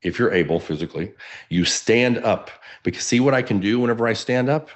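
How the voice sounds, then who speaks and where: A man with a Texan accent and a baritone voice, coaching realtors in a lively, casual webinar while standing and moving around. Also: a little fast. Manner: energetic, animated, casual. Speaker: real estate coach. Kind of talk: webinar teaching.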